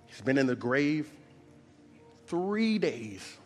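A man's voice: mid-range voice, big pitch swings, slow pace. A male pastor telling a Bible story in a sermon with dramatic storytelling, speaking in a large church auditorium. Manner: dramatic storytelling, acts out voices. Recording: long reverb of a large hall with soft music.

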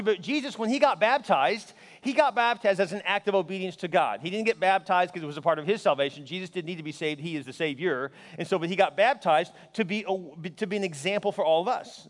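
A middle-aged male pastor giving a lively, conversational sermon and joking with the congregation. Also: sits high. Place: large church hall. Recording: long hall reverb.

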